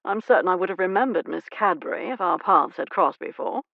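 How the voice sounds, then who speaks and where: A woman's voice: on the low side, lively intonation, brisk, gravelly, no room sound, lo-fi sound. A woman narrator voicing a suave, genteel earl with a predatory charm. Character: smooth, predatory aristocratic earl, man.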